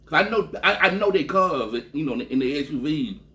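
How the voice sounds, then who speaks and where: A man from Texas telling a long, rambling story in a casual, profane way, often trailing off with a low "man" at the end of a phrase. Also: expressive, normal speed, bright, forceful tone. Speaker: vlogger.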